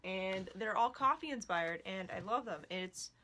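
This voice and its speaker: A woman's bright, forceful voice carries this casual home vlog, picked up by a laptop. She gushes in a chatty way and turns aside now and then to scold her dogs. A faint noise hangs behind her. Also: mid-range voice, lively intonation, unhurried. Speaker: knitting vlogger. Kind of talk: casual chat.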